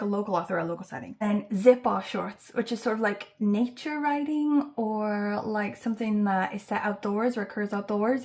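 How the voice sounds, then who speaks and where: A woman hosting a book channel, talking casually to camera with lots of fillers and playful asides. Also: mid-range voice. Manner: chatty, many fillers, playful and self-teasing. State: fighting back tears. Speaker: booktube host announcing a reading challenge.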